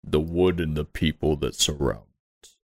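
A man voicing a huge hungry sea beast that talks slowly in an old-fashioned way. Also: darkish tone, no echo, studio quality. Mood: ominous. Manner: slow, rumbling, archaic speech.

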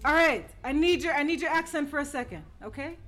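A high-pitched woman runs a trivia round on a casual group podcast. She teases her friends and laughs as she asks questions. Music plays under the chat. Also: fast talker, crowd noise. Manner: teasing, laughing, quizzing the group. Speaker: podcast co-host asking trivia.

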